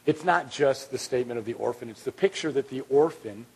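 A man preaching a sermon as pastor, earnest, swinging from loud to hushed and repeating words as he restarts. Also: medium pitch, a little fast, slightly rough, rough recording.

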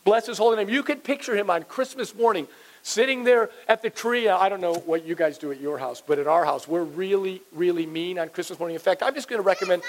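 High-voiced animated pastor, playful with kids. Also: male voice, a little fast, poor audio. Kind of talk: children's sermon. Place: church sanctuary.

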